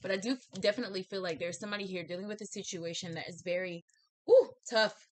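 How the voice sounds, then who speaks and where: A woman's voice: fairly low pitch, fairly even intonation, racing, a little hiss or hum. A woman giving a casual tarot and spiritual reading to camera, earnest and encouraging, with many fillers and restarts. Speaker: tarot reader and psychic.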